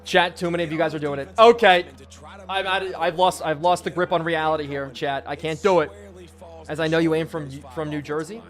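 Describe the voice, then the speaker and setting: A hoarse young man in his twenties gives hyped, chatty commentary on a live game stream and keeps shouting out his viewers. His voice sits a little high. Faint music plays in the background. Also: steady tone, quick pace. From Pennsylvania. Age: 20s.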